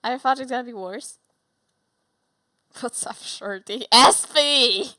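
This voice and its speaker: A woman's voice: fairly high pitch, unhurried, a bit bright, dry recording. A young woman, a native Polish speaker with a Polish accent, chatting casually on a livestream, giggly and bubbly with playful swearing. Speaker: streamer.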